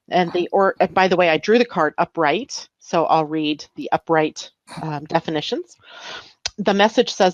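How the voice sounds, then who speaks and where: A woman's voice: lowish voice, moderate pace, no room sound, dull audio. A woman hosting a live chat show, upbeat and chatty, from the US West Coast. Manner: chatty, upbeat, laughs easily. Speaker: host. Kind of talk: casual live-stream chat.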